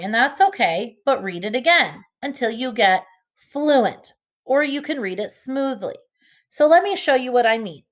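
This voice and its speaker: A woman teacher giving an early reading lesson to children, slowly sounding out each letter and word. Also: fairly high pitch.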